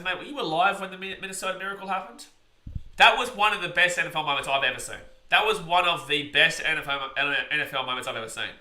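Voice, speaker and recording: Bright, excitable male stream commentator. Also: on the high side, roomy sound. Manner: excitable, shouts big plays, chats with viewers. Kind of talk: live play-by-play game reaction.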